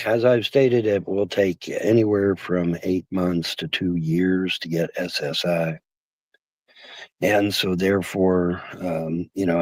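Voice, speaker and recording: A man's voice: sits low, no room sound. A man streaming casually, rambling and repeating himself with many fillers, his voice worn down by the cold. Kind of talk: casual livestream talk.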